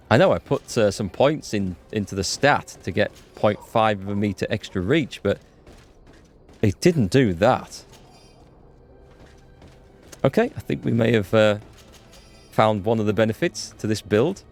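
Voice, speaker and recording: Chatty man with gravelly voice. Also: lowish voice, measured pace, pauses often. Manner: chatty, excitable, greets chat viewers. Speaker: let's play host. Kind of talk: live gameplay commentary. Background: faint game music.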